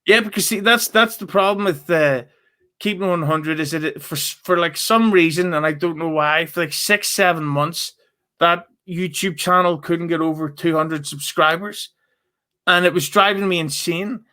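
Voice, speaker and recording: A man, talking as a guest on a podcast. His voice is high for a man, and bright with an edge of tension. He swears often and makes fun of himself in a relaxed, chatty way. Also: normal speed. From Northern Ireland. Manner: swears freely, self-mocking humor. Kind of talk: casual chat.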